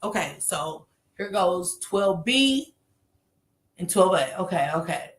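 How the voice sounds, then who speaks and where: A woman's voice: lowish voice, animated, slow. A woman telling a story to her live chat in a casual way, laughing often and acting out what other people said.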